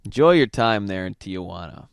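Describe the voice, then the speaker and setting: A man's voice: lowish voice, lively intonation, normal speed, creaky, clear, resonant tone, no echo. Profane ranting man telling a travel story. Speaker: podcast host. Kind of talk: casual storytelling monologue.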